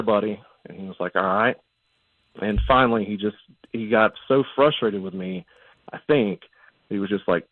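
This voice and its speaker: A man's voice: fairly low pitch, fairly quick, dry recording. A man calling in to a radio show and telling a long rambling story, with lots of ums. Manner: rambling, many ums and you-knows. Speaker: caller. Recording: tinny phone line.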